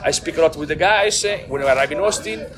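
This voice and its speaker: Italian man in halting, broken English. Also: on the high side, a crowd in the background. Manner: halting broken English, many restarts, laughs often. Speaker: team manager. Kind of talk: post-race interview.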